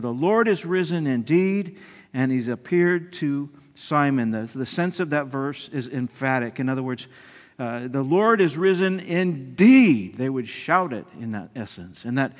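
A male pastor preaching a sermon with animated delivery, restarting words and swinging between loud emphasis and quiet lines. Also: medium pitch, in a large hall.

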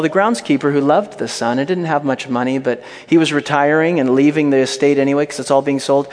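A man preaching a sermon with emphatic, repetitive exhortations and occasional humorous asides. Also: mid-range voice. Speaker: pastor. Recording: reverberant hall.

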